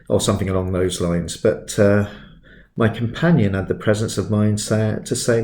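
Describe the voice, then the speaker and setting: A man in his fifties giving a relaxed sketching tutorial, chatty and self-deprecating, drifting into stories as he works. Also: on the low side, moderate pace, reverberant. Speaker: art tutor.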